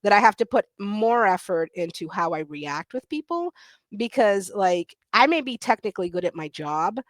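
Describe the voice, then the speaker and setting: A woman's voice: medium pitch, animated, moderate pace, no room sound. A middle-aged woman on a panel talking candidly over a video call, blunt and self-deprecating, laughing often. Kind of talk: candid conversational storytelling.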